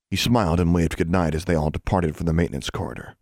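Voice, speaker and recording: A man reading a children's fantasy audiobook in steady, measured narration. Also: low-pitched, gravelly, dry recording, studio quality. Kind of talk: scripted narration.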